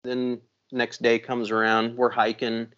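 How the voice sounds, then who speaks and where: A man hosting a podcast, telling a long story in a casual, profane, animated way. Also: medium pitch, measured pace, muffled recording. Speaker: podcast host.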